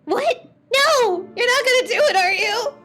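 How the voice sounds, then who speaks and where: A woman's voice: very high voice, animated, a little slow, pushed and bright, soft background music, voice pushed up, heavily acted. A woman voicing a small female thinking-bean creature that pleads tearfully for mercy. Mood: terrified pleading.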